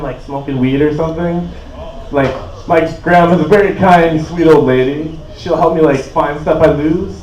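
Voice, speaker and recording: A man's voice: on the high side, slight background noise. A man in his twenties from Canada doing a stand-up set, laid-back and rambling, with lots of "like" and "uh". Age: 20s. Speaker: stand-up comedian. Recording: roomy echo, voice from a distance.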